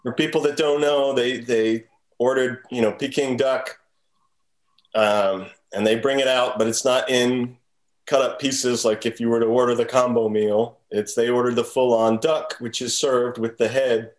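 A man co-hosting a casual podcast, retelling film scenes with lively animation. His voice sits mid-range and shifts pitch as he acts out bits of the story. The delivery is easygoing and chatty. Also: normal speed. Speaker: podcast co-host. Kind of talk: casual chat recapping a film.

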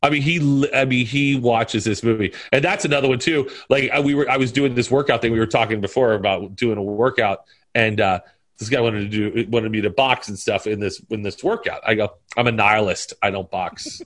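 A middle-aged man talking in a loose, rambling way, jumping from story to story and dropping movie lines as he goes. His voice sits at an ordinary middle pitch and he laughs often while he chats. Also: fairly even intonation, fairly quick, fairly bright tone. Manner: rambling, trades movie quotes with bursts of laughter. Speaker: podcast guest. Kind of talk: casual chat.

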